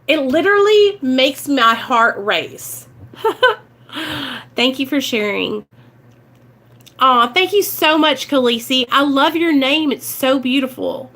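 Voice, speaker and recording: A woman's voice: high-pitched, lively intonation, slow, a bit bright. A woman with a Midwestern American accent talking earnestly and emotionally to her viewers in a casual livestream chat about recovery. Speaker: recovery vlogger.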